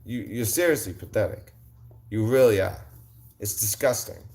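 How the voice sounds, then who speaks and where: Man, lowish voice, livestream host, combative mocking rant, repeats insults. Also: lively intonation, normal speed, vocal fry, darkish tone. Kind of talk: livestream rant answering chat.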